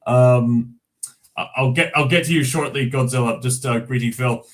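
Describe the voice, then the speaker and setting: A man's voice: medium pitch, a little slow, low-quality recording. Chatty Scottish man on a livestream. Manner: chatty, chuckles often, many fillers and restarts. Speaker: livestream host. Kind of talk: casual livestream chat, reading news aloud.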